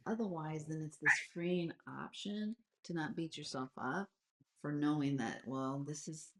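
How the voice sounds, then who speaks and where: A woman in her forties talks candidly on a live video call, her voice sitting low. She rambles along with plenty of filler words and drifts from one thought to the next in a loose, chatty way. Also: unhurried, slight background noise. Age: 40s. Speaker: host of a live astrology session. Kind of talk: casual live-stream chat.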